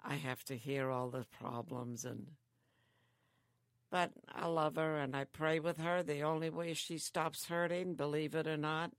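An older woman living in a care home, chatting slowly and telling stories with frequent laughs. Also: low voice, steady tone, clear, resonant tone, dry recording. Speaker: interviewee, grandmother. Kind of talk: casual chat.

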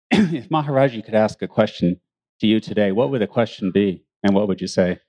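A man's voice: fairly low pitch, a little fast, darkish tone. A man in the audience hesitantly asking a question, with many fillers.

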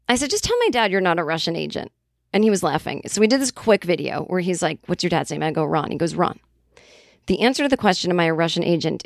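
A woman hosting a podcast tells a casual, comedic story, animatedly acting out other people's quoted voices as she goes. Her voice is on the low side and gravelly. The sound is studio quality with no echo.

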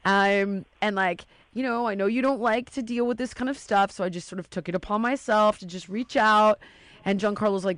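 A woman's voice: mid-range voice, fast talker, dry recording. Woman, casual chat, storytelling, acts out quoted voices, dry room.

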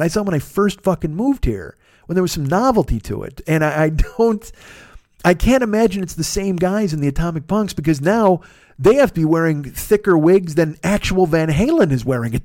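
Swearing constantly and clearly exasperated, a man hosting a podcast rants his way through a story in a casual monologue. The voice is a little high and a little mellow, recorded dry in clean studio conditions.

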